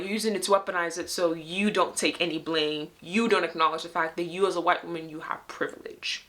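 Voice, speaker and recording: A woman's voice: on the low side, steady tone, a little fast, few pauses, a bit bright. A young woman hosting her own show, speaking straight to viewers in an emphatic, fed-up commentary full of pointed rhetorical questions. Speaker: host of her own video series. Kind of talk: direct-to-camera commentary.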